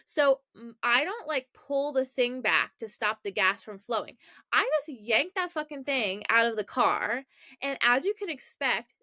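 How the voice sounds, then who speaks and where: A woman's voice: on the high side, animated, moderate pace, bright, forceful tone, no echo, clean studio sound. A young woman from Maryland, hosting a podcast and telling a story in a chatty, self-mocking way with lots of asides. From Maryland, USA. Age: young adult. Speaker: podcast host. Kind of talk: casual storytelling.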